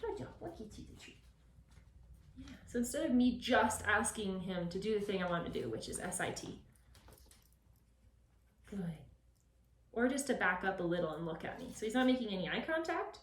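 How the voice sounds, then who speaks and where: A woman dog trainer explaining a puppy session, switching between calm explanation and high, bright praise for the dog. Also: normal speed, long pauses. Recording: echoey, from a distance.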